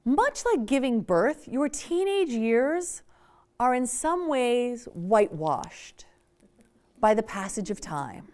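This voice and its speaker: A woman leads a parenting workshop in an animated, conversational way and speaks straight to the audience. Her fairly high voice moves through a very lively pitch range, and she acts out examples as she goes. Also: takes it slowly.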